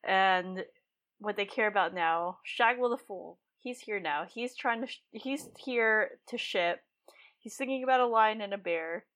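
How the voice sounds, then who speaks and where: A woman's voice: mid-range voice, a little slow, a bit bright. A woman co-hosting a podcast, chatting casually about a book with lots of filler words. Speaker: podcast co-host.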